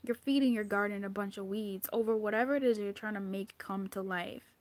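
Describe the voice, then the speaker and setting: A woman's voice: medium pitch, brisk, no room sound. A woman giving an intuitive tarot card reading, blunt and profane, scolding the listener with exasperation. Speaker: tarot reader.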